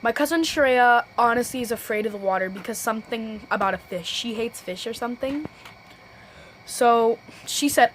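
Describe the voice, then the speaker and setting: A teenage girl telling a storytime vlog, rambling and restarting sentences, often saying "low-key.". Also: moderate pace, a little hiss or hum, rough recording. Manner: self-correcting, restarts sentences. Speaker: vlogger.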